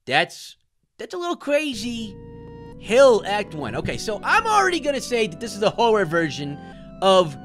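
In a cartoon let's-play, a man voices a jittery, wisecracking talking orange who hosts the game commentary, his high voice swooping wildly at a moderate pace with faint music behind. He sounds exaggerated and scared, yelping and shouting when startled and tossing in jokey asides.

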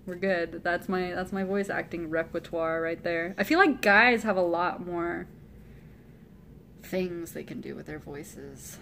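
A woman's voice: fairly low pitch, unhurried, creaky, fairly bright tone, slight background noise. A woman chatting casually and giggling often with friends while streaming from a hotel room. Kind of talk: casual chat.

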